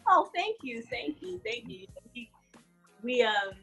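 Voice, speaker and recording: Bright, breathy woman laughing between stories. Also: high-pitched, measured pace, soft background music, low-quality recording. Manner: laughs often, animated storyteller. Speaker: guest actress. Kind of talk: casual interview chat.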